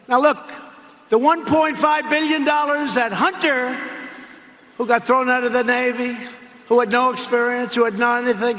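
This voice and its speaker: A man's voice: very high-pitched, bright, forceful tone. An older man giving a political rally speech in a large arena, rambling and repetitive, with mocking asides. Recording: echoey arena rally clip with faint noise.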